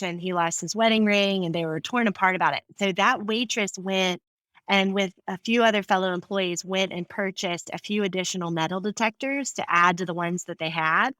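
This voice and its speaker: Animated storytelling businesswoman. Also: mid-range voice, dry recording. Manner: animated storyteller, acts out quoted voices. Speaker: guest speaker. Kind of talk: podcast interview.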